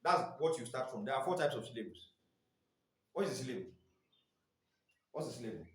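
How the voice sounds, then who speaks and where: A man's voice: medium pitch, sing-song, fairly quick, a bit bright. A man training teachers in phonics, quizzing the class with repeated "what?" questions. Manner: quizzing, asks "what?" and waits for answers. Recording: echoey room, mic far off.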